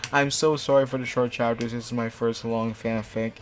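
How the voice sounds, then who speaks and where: A man's voice: medium pitch, level tone, moderate pace, slight background noise. A young man reading a fanfic aloud and mocking it, sarcastic, swearing often. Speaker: host. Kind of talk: mocking read-aloud commentary.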